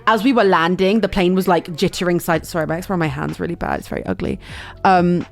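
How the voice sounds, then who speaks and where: A young woman streamer telling a chaotic travel story in casual chat, animated and full of fillers and restarts. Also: on the low side, fairly quick, vocal fry.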